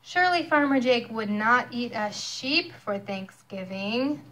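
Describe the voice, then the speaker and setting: A young mother reading a picture book aloud to her child, expressive and storytelling. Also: on the high side, measured pace, few pauses, a little hiss or hum.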